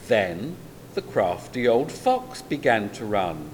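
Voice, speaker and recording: A man reads a children's story aloud very slowly, his pitch rising and falling expressively. A faint low rumble sits under his voice. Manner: expressive, drawn-out read-aloud delivery.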